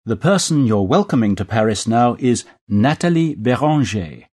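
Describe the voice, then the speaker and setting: A man with a slightly husky voice presents a language lesson in a clear, instructive way. His pitch moves lively as he guides the listener through each phrase. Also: moderate pace. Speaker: course presenter. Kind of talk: scripted language-lesson narration.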